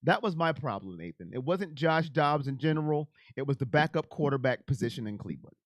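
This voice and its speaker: A man hosting a casual live stream. He chats with viewers by name and talks in an emotional, animated way. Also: medium pitch, fairly quick, no echo, studio quality. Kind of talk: casual live chat about football.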